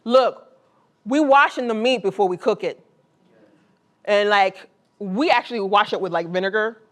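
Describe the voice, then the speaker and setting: A woman poet speaks before a live college audience, moving between a read poem and loose, friendly talk. She jokes easily and fills her sentences with "like" and "um." Her speaking voice sits at a middling pitch. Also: moderate pace, fairly bright tone. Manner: casual and chatty, with many "like" and "um" fillers. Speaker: poet and author. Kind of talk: poetry reading and audience Q&A.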